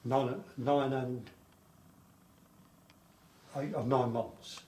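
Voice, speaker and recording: An older man recalls his wartime childhood in an oral history interview, rambling and repeating himself. His mid-range voice is dark in tone, very slow and fairly even in intonation. The room is echoey, with faint background noise.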